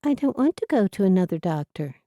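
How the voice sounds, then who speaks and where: A woman's voice: mid-range voice, big pitch swings, fairly quick, warm tone, dry recording, clean studio sound, natural voice. A woman voicing an elderly Amish widow, talking in an earnest, plaintive way. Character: elderly Amish widow, flustered but stubborn.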